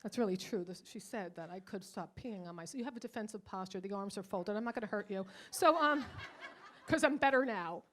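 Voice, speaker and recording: An older woman doing a bawdy stand-up comedy set, brash and teasing, swinging between loud outbursts and quiet asides. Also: medium pitch, brisk. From Irish. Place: comedy club stage.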